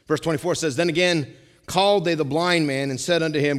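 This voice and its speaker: A man's voice: on the high side, normal speed. Preaching man in a reverberant hall. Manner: animated preaching, swings between loud emphasis and hushed asides, repeats lines. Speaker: pastor. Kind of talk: sermon.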